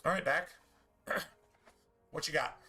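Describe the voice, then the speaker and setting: A man's voice: a little high, fairly even intonation, slow, bright, forceful tone, breathy edge, faint music behind. A man streaming a game, talking in a casual, profane, preachy rant full of rhetorical questions.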